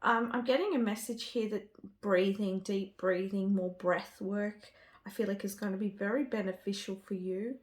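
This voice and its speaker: A woman's voice: mid-range voice, fairly even intonation, normal speed. Gushing woman giving a card reading. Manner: gushing, enthusiastic, often trails off and restarts. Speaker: tarot card reader. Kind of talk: spiritual card reading to camera.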